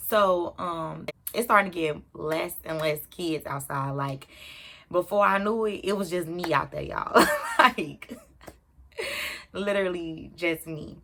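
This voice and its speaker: A young adult woman telling a personal story to her viewers in an animated, chatty way. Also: low voice. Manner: animated, talks straight to viewers. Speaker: YouTuber. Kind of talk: storytime vlog.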